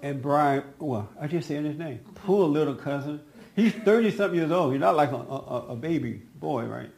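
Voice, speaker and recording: A middle-aged man tells a family story in a casual, animated way, often laughing. His voice is slightly high and gravelly, and it jumps up when he quotes people. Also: normal speed. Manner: animated, laughing, quoting others in a raised voice. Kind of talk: casual personal anecdote.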